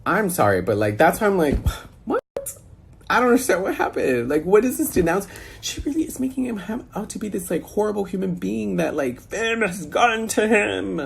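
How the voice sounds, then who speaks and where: A man's voice: high voice, vocal fry, breathy edge. A man on a phone rant, firing off exasperated rhetorical questions in a casual, incredulous way. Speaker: social media personality. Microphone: phone held close.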